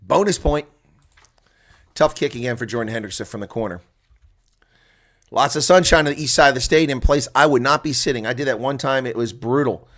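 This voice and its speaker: A man calling a rugby match live as a chatty, excitable watch-along commentator, with a congested throat that keeps him coughing. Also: mid-range voice, fairly quick, pauses often. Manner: chatty and excitable, laughs at players' mistakes. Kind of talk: live play-by-play reaction commentary.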